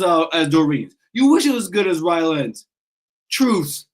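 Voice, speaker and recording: Fired-up ranting sports fan host. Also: male voice, fairly high pitch, very animated, moderate pace, rough recording. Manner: passionate, ranting, swears, stumbles and restarts. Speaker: sports call-in show host. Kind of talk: casual fan talk show.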